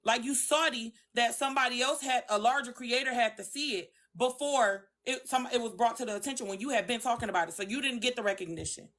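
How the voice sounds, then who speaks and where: A woman's voice: a little high, fast talker, few pauses, fairly bright tone. A woman on a phone live stream, arguing her side bluntly and emphatically with lots of swearing. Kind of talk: heated livestream argument.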